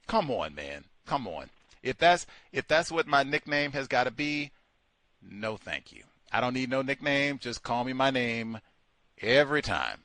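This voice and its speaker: A sardonic man riffing through a call-in show monologue. His voice jumps around a lot in pitch and has a bright, forceful edge. He sounds close and dry, with no room around him. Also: very animated, unhurried, no room sound. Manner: sardonic, switching between mocking voices and asides. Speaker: radio show host.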